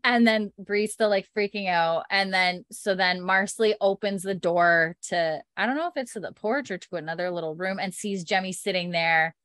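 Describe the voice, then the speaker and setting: A woman's voice: medium pitch, moderate pace, hardly any pauses, a bit bright, no room sound. A woman in casual chat, animatedly retelling scenes from a show and acting out the characters' lines, with plenty of fillers. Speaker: podcast co-host recapping a TV episode.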